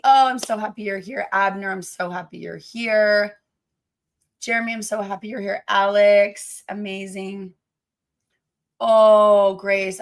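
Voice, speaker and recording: A woman teacher hosting a casual livestream, hoarse from damaged vocal cords, gushing and affectionate with her viewers. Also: mid-range voice.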